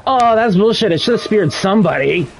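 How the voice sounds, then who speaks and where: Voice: mid-range voice, expressive, a little fast, gravelly. Playful teasing live-stream game commentator. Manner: playful, teasing the players being hunted. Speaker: streamer playing a killer in a horror game.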